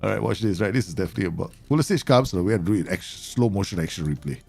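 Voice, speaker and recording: Excitable man streaming a game live. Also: low voice, racing, creaky, slightly rough, soft background music. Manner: excitable, bursts into exclamations and teasing remarks. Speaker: streamer playing a football management game. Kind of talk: live gameplay commentary.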